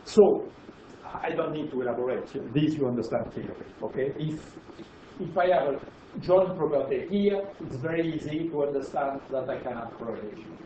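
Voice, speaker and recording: A man's voice: on the high side, expressive, normal speed, noisy background. A man with a French accent giving a physics lecture, explaining emphatically and checking in with the audience. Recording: roomy, dull lecture hall recording.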